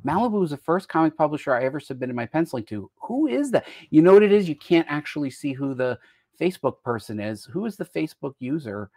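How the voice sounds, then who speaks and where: A man's voice: on the high side, very animated, fast, darkish tone, dry recording, clean studio sound. An American man hosting a casual live-stream chat, talking in a rambling way and jumping between topics mid-sentence. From United States. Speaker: host.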